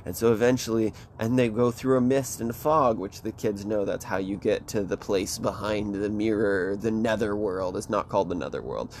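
Rambling, swearing man, low voice. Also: moderate pace, hardly any pauses, a little hiss or hum. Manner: rambling, animated, swears often. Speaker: host retelling a book. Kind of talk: casual chat.

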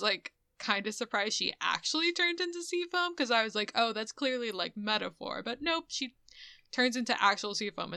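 A woman's voice: on the high side, pushed and bright, clean tone, dry recording, clean studio sound. A woman in casual, profane chat, recapping a movie and getting emotional over its ending.

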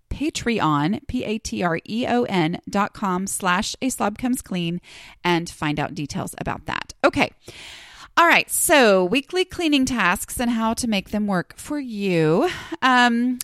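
A woman chatting through a solo podcast episode, wandering off on tangents and correcting herself as she goes. Her voice sits at an ordinary middle pitch. It is recorded close and dry, with no room sound around it. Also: vocal fry, dry recording. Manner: chatty and rambling, many ums and self-corrections. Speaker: podcast host. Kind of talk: casual solo podcast talk.

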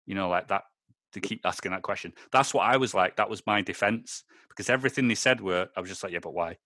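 A man's voice: on the low side, fast, pushed and bright, no room sound, clean studio sound. A man from Britain hosting a podcast in loose, sweary, casual chat, often acting out other people in quotes. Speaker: podcast host.

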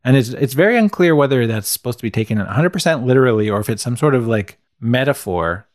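A man's voice: mid-range voice, animated, fast, no room sound, clean studio sound. A man co-hosting a podcast, chatting casually about a film in a laid-back, rambling way. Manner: laid-back, rambling, chuckles at his own jokes. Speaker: podcast co-host. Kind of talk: casual film review chat.

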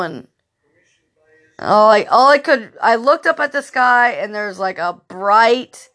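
Speaking at a medium pitch with a fairly bright tone, a female podcast host rambles through casual stories. Curse words and fillers run all through her monologue.

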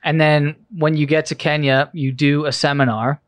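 A man's voice: a little high, level tone, normal speed, no room sound. A man hosting a casual interview and steering the guest with easy follow-up questions. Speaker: host.

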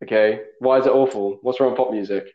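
Speaking at a middle pitch in a steady tone, this young podcast host keeps the casual chat light, ribbing his guest and laughing easily. The sound is somewhat dull and roomy.

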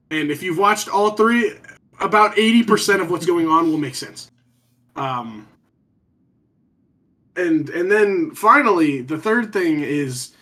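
A man's voice: on the high side, pushed and bright. A man telling a long rambling story in a casual podcast chat, swearing freely and trailing off with ums.

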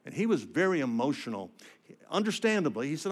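Very animated and fairly quick, an older man preaches a personal sermon in a slightly high voice. His emotional storytelling swings dramatically, dropping to a hush at heavy moments and surging with emphasis on his points.

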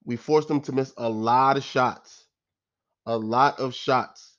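A man rants about a game in a casual, exasperated way, circling back on his points and throwing in slang. His voice sits at an everyday middle pitch. The recording sounds dull and lo-fi. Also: fairly even intonation, takes it slowly, a bit bright. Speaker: sports fan commentator. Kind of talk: casual post-game rant.

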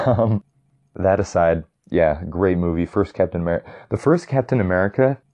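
A young man talks in a casual, rambling way, full of fillers and restarts, clearly enthusiastic about what he is ranking. His voice sits low and sounds mellow and relaxed. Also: normal speed, highs cut off. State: getting tired. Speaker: vlogger ranking movies. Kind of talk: casual chat.

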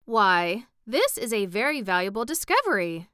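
A curious, opinionated scarecrow made of straw, voiced by a woman reading a storybook aloud. The delivery is brisk and slightly raised, the voice very smooth and clear in a dry recording. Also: on the high side, sing-song, sharp tone, no echo, voice pushed up, full character voice. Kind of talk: audiobook reading.

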